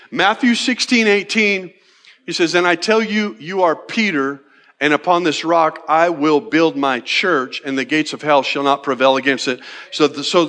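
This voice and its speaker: An older man in his sixties with a notably high voice, preaching a sermon. He talks conversationally and keeps checking in with the congregation. His delivery is animated and playful. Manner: conversational, repeats "right?" often. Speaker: pastor.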